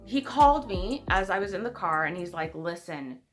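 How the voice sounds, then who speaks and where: A woman's voice: medium pitch, animated, brisk, soft background music. A woman, telling a personal story in a vlog and acting out other people's lines. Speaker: vlogger.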